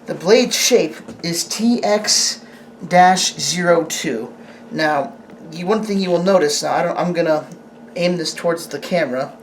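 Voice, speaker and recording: The recording carries a little hiss or hum behind a mid-range voice. A host reviewing a sword on camera rambles casually, halts and restarts sentences frequently, and keeps asking the camera operator things.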